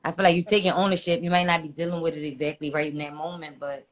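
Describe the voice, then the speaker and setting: A woman in a casual podcast debate, measured and reasoning aloud. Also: low-pitched, flat delivery. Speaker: podcast panelist.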